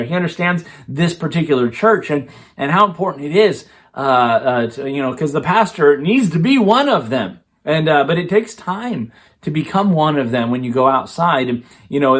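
A man, a pastor preaching a sermon in a conversational way, often restarting phrases and using fillers. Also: on the high side.

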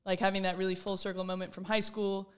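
A woman's voice: mid-range voice, little pitch movement, fast, clean tone. A young woman from Minnesota, a college basketball player, chatting in an interview in a bubbly way and laughing often. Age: young adult. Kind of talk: casual interview.

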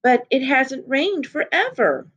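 A woman voicing an eager, anxious young girl with a higher, pleading voice. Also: animated, moderate pace, highs cut off.

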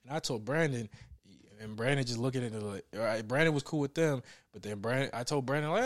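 A man co-hosting a casual chat, telling stories with loud laughing outbursts and mimicked voices. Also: medium pitch, quick pace, no room sound, clean studio sound. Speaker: podcast co-host.

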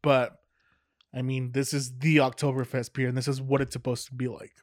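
A man's voice: mid-range voice, little pitch movement, fairly quick, dry recording. A man co-hosting a podcast, chatting casually about beer, loose and jokey with a lot of swearing. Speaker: podcast co-host. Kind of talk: casual beer-tasting chat.

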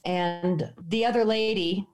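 A middle-aged American woman telling a personal story in a lively way, acting out the voices of the people in it. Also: mid-range voice, slow pace. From United States. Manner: animated, acts out quotes.

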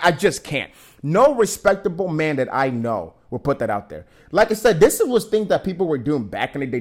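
A man hosting a casual commentary show, ranting with indignation, swearing often and restarting his sentences. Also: a little high. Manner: animated, indignant, profane rant with many restarts. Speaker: commentary host.

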